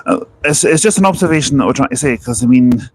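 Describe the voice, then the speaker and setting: A man vlogs live and casually from an outdoor bus station, speaking earnestly and chattily into a handheld wireless mic and often restarting his sentences. His mid-range voice is expressive and fast, but the recording quality is low.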